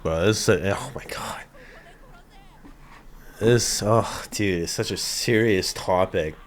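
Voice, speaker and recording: A man's voice: fairly low pitch, takes it slowly, a little hiss or hum. A man hosting an anime reaction video, chatting casually, swearing and laughing often as he rambles with lots of fillers.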